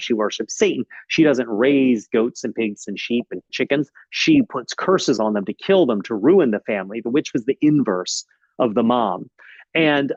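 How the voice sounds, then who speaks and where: A man giving a casual author talk, telling his story in a lively way with frequent ums and uhs. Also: medium pitch, no room sound. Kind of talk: casual presentation. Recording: slightly dull, dry recording.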